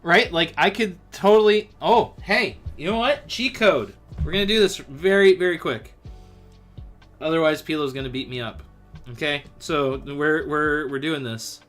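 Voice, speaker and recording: A man's voice: on the high side, a little slow, a bit bright, soft background music. A man hosting a casual livestream, chatting animatedly about comics and scripture and talking straight to his viewers. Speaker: host.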